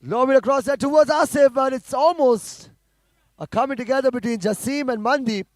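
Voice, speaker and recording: High-voiced male football commentator. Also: no room sound, clean studio sound. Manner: rapid play-by-play, rising to shouts at goals. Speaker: match commentator. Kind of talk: live football play-by-play commentary.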